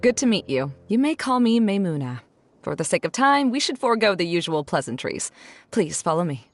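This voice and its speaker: A woman voicing a composed, businesslike woman guide in a video game, brisk and teasing. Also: on the low side, very animated, slight background noise. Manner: brisk, teasing, matter-of-fact. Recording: game audio with music behind.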